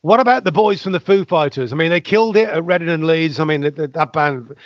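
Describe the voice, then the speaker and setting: Animated male podcast co-host. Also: fairly high pitch, fast talker, dry recording, muffled recording. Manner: animated, talks over others, frequent restarts. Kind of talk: casual chat.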